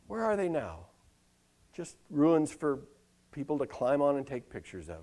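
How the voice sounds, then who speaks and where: A man's voice: fairly high pitch, sing-song, mellow. Wry older man, comic monologue. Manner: wry, ironic, with dramatic pauses and lists. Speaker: monologist performing for a live audience. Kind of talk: comic spoken-word monologue with news-style delivery. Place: live benefit stage.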